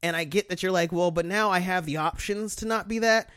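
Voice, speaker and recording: A man talks in loose, crude podcast chat, rambling and slipping into voices as he tells a story. His voice sits a little high. The sound is dry and close, with no room in it. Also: fairly quick, fairly bright tone, clear, resonant tone, no echo. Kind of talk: casual chat.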